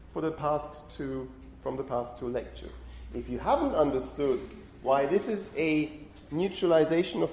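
Male lecturer, animated delivery, fairly high voice, roomy hall sound, explanatory teaching tone. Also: a little hiss or hum. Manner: explanatory, checks in with "okay?". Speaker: university lecturer. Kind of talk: phonetics lecture.

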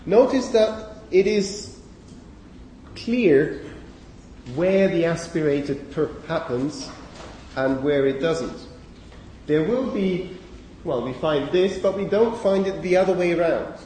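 A man's voice: a little high, slow, warm tone, a little hiss or hum. A man giving a university lecture, thinking aloud with frequent okays and fillers and correcting himself as he goes. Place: lecture hall. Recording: echoey lecture hall recorded from far off.

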